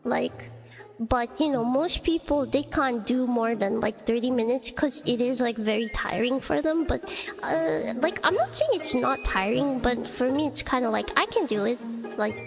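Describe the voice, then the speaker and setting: A woman's voice: on the high side, expressive, normal speed, gravelly. A young woman streamer in casual chat, rambling through a story with lots of fillers and giggles. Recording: long reverb with loud background music.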